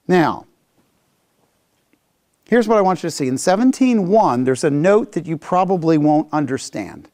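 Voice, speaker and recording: A man teaching a Bible class, lively and animated, acting out the people's complaints as he reads. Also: on the high side, measured pace, pauses often.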